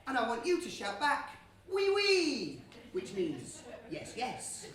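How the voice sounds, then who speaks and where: A silly, cheese-loving young man, played by a woman, rallies the crowd in a chummy, playful way. The voice is fairly high and bounces around a lot. It is heard from far off in an echoey theatre with noise around it. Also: sing-song, measured pace, a bit bright. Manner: chummy, playful, rallying the audience. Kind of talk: stage pantomime, audience participation. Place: theatre stage.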